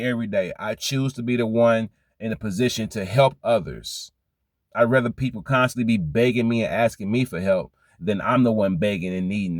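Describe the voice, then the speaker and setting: A man's voice: fairly low pitch, no echo. A man talking to his viewers about what he has learned with age, in a repetitive, preachy way full of rhetorical questions. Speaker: vlogger giving life advice. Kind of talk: reflective motivational monologue.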